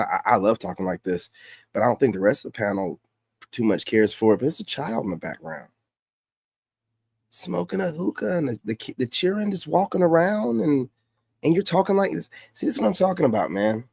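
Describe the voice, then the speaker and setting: A man's voice: medium pitch, animated, moderate pace, creaky, darkish tone, slightly rough, dry recording. Man, reaction streamer, brash, mocking, casual commentary, dry close mic. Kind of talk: casual commentary over a podcast clip.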